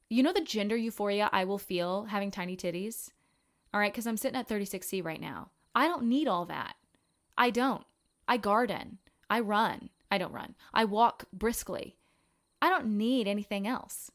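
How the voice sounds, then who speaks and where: A woman in her twenties chats casually as a podcast host. She is frank, animated and a little profane, and she rambles through quick asides and corrects herself as she goes. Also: mid-range voice. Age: 20s. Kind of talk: casual chat.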